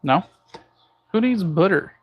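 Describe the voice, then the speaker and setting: A man's voice: high voice, animated, slow pace, muffled recording, slight background noise. A man hosting a casual livestream from his kitchen, cooking as he talks and joking through viewer comments. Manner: jokey banter, reading viewer comments aloud. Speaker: livestream host.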